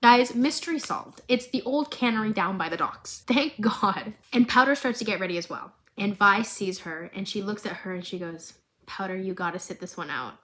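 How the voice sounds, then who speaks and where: A woman's voice: medium pitch, moderate pace, hardly any pauses. A young woman vlogger recapping a TV series in a dramatic, chatty way, full of asides. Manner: animated, dramatic, laughing asides.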